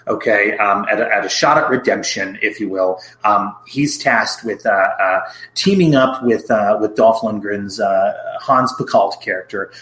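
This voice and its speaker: A man's voice: on the low side, fairly bright tone. Podcast co-host, male, chatty recap voice, roomy echo. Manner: chatty, recapping plot with asides. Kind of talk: casual film review chat.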